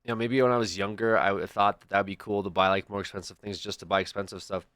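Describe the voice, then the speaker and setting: A lowish, slightly bright male voice moves fast with fairly even intonation as a young adult streamer chats casually, rambling, restarting and adding storytelling asides. The recording is studio-clean with no room sound.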